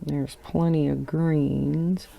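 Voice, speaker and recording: Middle-aged woman from Wisconsin with a local accent, relaxed drawn-out chat, soft mellow voice, laughs easily. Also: deep voice, creaky. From Wisconsin, USA. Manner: chatty, rambling, laughs often. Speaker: coloring channel host. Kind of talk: casual chat while coloring.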